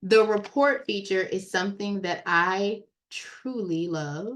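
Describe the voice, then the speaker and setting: A woman giving a casual, chatty walkthrough of credit repair software on a screen share, talking straight to her viewers. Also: mid-range voice, slow, few pauses. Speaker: software trainer.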